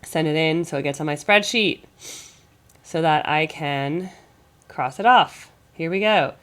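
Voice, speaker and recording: This American music reaction host has a voice that sits low and sounds a bit bright, and she talks a little slowly. While recovering from a cold, she gives casual, rambling commentary, thinking aloud.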